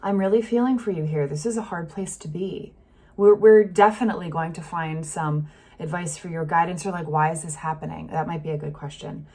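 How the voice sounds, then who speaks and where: A woman giving a casual tarot reading, talking gently and thinking aloud with many fillers. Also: lowish voice, brisk. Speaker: tarot reader. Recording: faint street noise behind.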